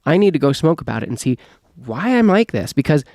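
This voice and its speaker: A man's voice: fairly high pitch, big pitch swings, brisk, a little mellow, no echo, studio quality. A man, a podcast host now interviewed in casual chat, talking candidly and rambling, swearing freely.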